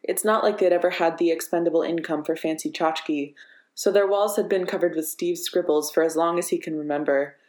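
A woman narrating a story in a steady, measured reading voice. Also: lowish voice. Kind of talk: audiobook narration of fiction. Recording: echoey room.

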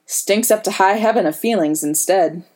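A woman's voice: medium pitch, normal speed, darkish tone, natural voice. A woman voicing a sardonic, wisecracking adult man prisoner with a dry, lazy drawl. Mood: wry.

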